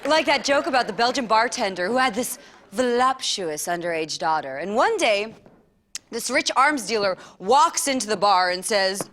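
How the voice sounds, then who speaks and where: A woman doing a stand-up comedy act, laughing at her own jokes and filling the gaps with awkward pauses. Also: a little high, lively intonation, fairly bright tone. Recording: live stage with music and audience.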